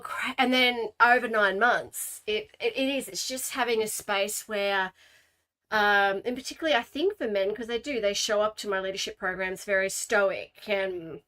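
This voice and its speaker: A woman hosting a podcast who tells stories in a lively conversational way, acting out quotes. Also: medium pitch. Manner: animated storytelling with acted quotes. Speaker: podcast host and leadership coach. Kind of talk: casual conversation.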